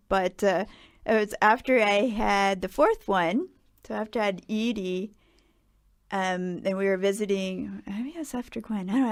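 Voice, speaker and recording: Mom-aged woman host, rambly and giggly, casual chat. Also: medium pitch. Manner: laughing, rambling storyteller. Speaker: podcast host.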